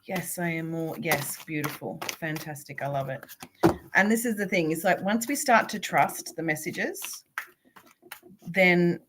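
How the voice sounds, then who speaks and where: A woman with a slightly low voice reads oracle cards live as a spiritual coach. She speaks warmly and encouragingly, addressing each viewer by name. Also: a little slow, background noise.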